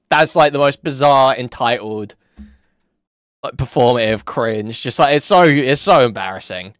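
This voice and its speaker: A man's voice: medium pitch, animated, normal speed, fairly bright tone, smooth, no room sound, clean studio sound. A man giving mocking, sarcastic reaction commentary. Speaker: reaction streamer.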